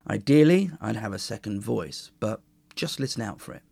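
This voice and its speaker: A man hosting a history podcast, explaining in a measured, enthusiastic way and reading a poem aloud. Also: on the low side, expressive, gravelly, mellow, no echo. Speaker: podcast host. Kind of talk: educational podcast monologue and poetry reading.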